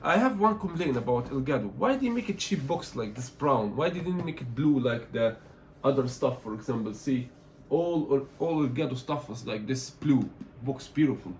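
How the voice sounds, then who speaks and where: A man from Egypt, not an English speaker, talking through an unboxing as a tech reviewer, animated and complaining in loose phrasing. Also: mid-range voice, moderate pace, few pauses, a little hiss or hum. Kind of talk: casual unboxing vlog.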